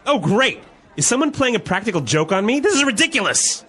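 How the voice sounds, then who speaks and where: An actor playing a flustered office worker who is not good with machines and grumbles when things break. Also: male voice, medium pitch, sing-song, moderate pace, a bit bright, slight background noise. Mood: frustrated. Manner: exasperated, grumbling outbursts. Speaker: dialogue character.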